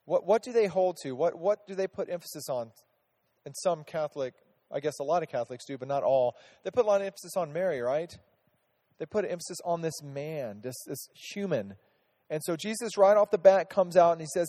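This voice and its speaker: High, mellow-voiced man teaching Scripture. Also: animated, brisk, big-room sound. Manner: chatty, asks the group questions, many restarts. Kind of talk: casual Bible teaching.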